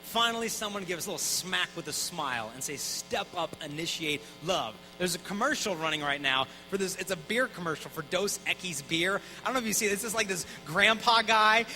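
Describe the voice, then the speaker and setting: A man in his thirties speaks to a conference crowd with a high, bright voice. He talks quickly and casually and acts out the people in his stories. Soft music plays faintly behind him. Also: poor audio. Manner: energetic, conversational, mimics voices in anecdotes. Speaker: Catholic speaker. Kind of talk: live conference talk. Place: conference hall.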